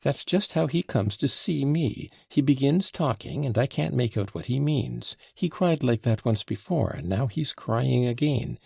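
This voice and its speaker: A man's voice: medium pitch, expressive, measured pace, gravelly, few pauses, mellow, breathy edge, dry recording, clean studio sound, pitched above the performer's own voice, heavily acted. A man voicing an impatient, teasing young woman who scolds and insists. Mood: reproachful. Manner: reproachful and insistent.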